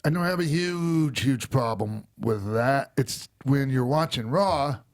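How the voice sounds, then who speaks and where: A man's voice: mid-range voice, unhurried. A man hosting a podcast in casual chat, ranting heatedly and swearing often. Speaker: podcast host.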